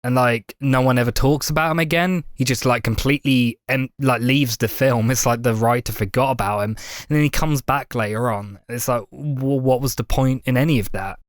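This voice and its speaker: A man's voice: medium pitch, moderate pace, hardly any pauses, dry recording. Man giving a dry film critique. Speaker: film podcast co-host. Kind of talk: casual film review chat.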